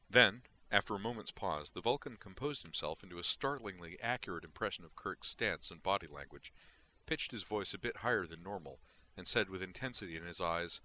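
A man with a very deep voice reads an audiobook narration. His tone is bright and crisp, and his reading is steady and deliberate. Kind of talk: scripted narration.

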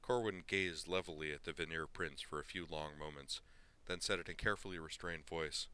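A man narrating a story aloud in an expressive, measured way. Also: very deep voice, clean tone. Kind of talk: story reading.

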